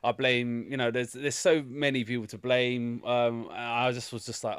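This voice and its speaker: A man's voice: mid-range voice, steady tone, moderate pace, few pauses, no room sound. A man co-hosting a podcast in casual chat, rambling with many restarts and crude jokes. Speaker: podcast co-host.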